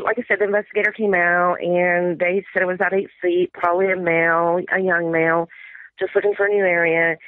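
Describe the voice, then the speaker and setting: A woman's voice: fairly low pitch, dry recording. Middle-aged female caller on a phone line, rambling storyteller, quotes family in dialogue. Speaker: caller sharing an encounter. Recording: tinny dry phone line.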